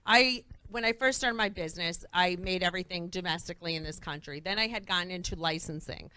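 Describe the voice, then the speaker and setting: A middle-aged woman, a guest entrepreneur on a talk show, telling lively stories and acting out the voices of people she quotes. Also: on the low side, a little fast, clean tone. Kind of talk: animated storytelling on a talk show.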